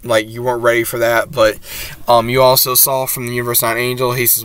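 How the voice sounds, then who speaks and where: Guy rambling thru an anime episode recap, pretty monotone, smooth clear voice. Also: mid-range voice, fairly quick, no echo. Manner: rambling retelling, many "he says" and filler sounds.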